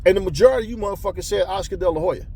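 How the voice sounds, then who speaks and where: In a high, warm, husky voice, a man fires off a rapid rant about boxing to his viewers. The boxing commentator is heated and profane, frequently tripping over and repeating words.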